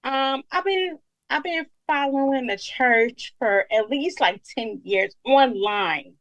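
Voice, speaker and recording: A woman's voice: high-pitched, slow, fairly bright tone, no echo, muffled recording. A young woman from Brooklyn, calling in and rambling with lots of fillers. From Brooklyn, New York. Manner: rambling, many fillers like "you know". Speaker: caller. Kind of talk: emotional call-in chat.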